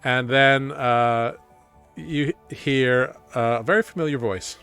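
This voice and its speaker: A man's voice: mid-range voice, slow, gravelly, fairly bright tone, clear, resonant tone, soft background music. A man narrating a tabletop game as game master, casual and rambling with many fillers.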